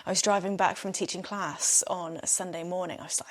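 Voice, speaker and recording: A woman's voice: lowish voice, fairly even intonation, brisk. A young woman hosting a solo podcast, chatting casually and often breaking into giggles. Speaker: podcast host.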